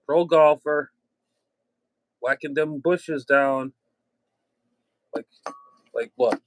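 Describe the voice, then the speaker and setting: A man's voice: on the high side, very slow, pauses often, no echo, rough recording. Middle-aged male radio operator, casual rambling chatter, dry close sound. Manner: rambling, chatty, with restarts and mild cursing.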